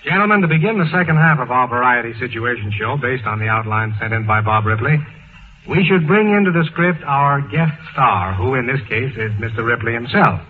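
A man's voice: medium pitch, expressive, fairly quick. A man hosting a 1940s radio comedy panel, steering the guests with dry courtesy. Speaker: radio panel show host. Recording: tinny old radio broadcast with hiss.

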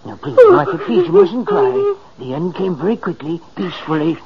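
An actor playing a young man gently consoling a grieving housekeeper in a 1940s radio drama. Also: very high voice, huge pitch swings, moderate pace, vocal fry, lo-fi sound, a loud crowd, exaggerated voice. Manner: soothing, pleading. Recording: scratchy noisy old radio recording.

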